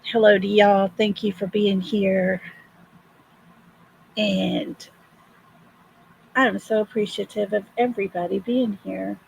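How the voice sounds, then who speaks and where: An older woman, hoarse from illness, greeting viewers one by one in a slow, casual livestream chat. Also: mid-range voice, flat delivery, darkish tone, a little hiss or hum, low-quality recording. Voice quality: gravelly, husky. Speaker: livestream host.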